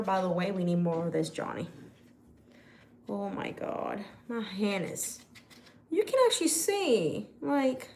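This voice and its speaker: A woman vlogging casually, retelling a mishap in an exasperated, animated way. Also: mid-range voice, a little hiss or hum. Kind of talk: casual vlog storytelling.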